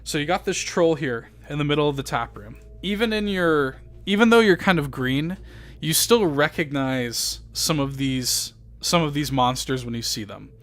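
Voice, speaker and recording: A man's voice: fairly high pitch, animated, moderate pace, fairly bright tone. A man running a tabletop game as game master, narrating loosely with many fillers and casual swearing.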